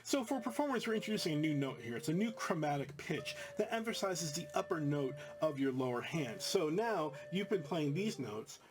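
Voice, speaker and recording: A man's voice: fairly high pitch, animated, normal speed, hardly any pauses. A man teaching music in a casual, explanatory way, full of fillers and restarts as he walks students through a new note. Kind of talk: instructional commentary.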